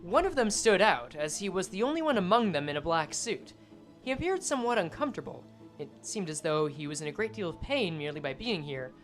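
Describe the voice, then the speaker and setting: A woman gaming streamer with a lively, jumping voice, reading scenes aloud between casual, foul-mouthed jokes. Soft background music runs under her talk. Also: on the low side. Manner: casual, swearing, quick jokes. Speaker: game streamer. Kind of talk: let's play commentary and reading game text.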